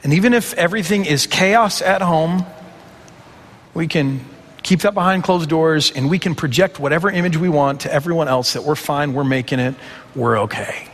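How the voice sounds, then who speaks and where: A man's voice: a little high, moderate pace, a bit bright, long reverb tail. A man preaching a conversational sermon, asking rhetorical questions and acting out imagined reactions. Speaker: pastor.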